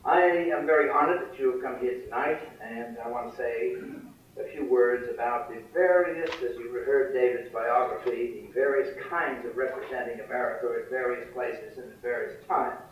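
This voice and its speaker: A man's voice: mid-range voice, normal speed, a little hiss or hum. An older man giving a speech at a foreign affairs forum, telling wartime stories with wry, dry humor. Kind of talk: after-dinner speech with war anecdotes. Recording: distant, dull, echoey hall recording.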